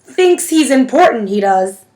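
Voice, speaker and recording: A woman reading a story aloud, voicing a scornful middle-aged mother who speaks slowly and with contempt. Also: a little high, very animated, warm tone.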